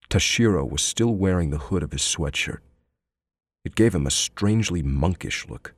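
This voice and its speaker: A man narrating an audiobook in a measured, even storytelling manner on a close studio mic. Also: deep voice, no room sound. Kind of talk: scripted narration.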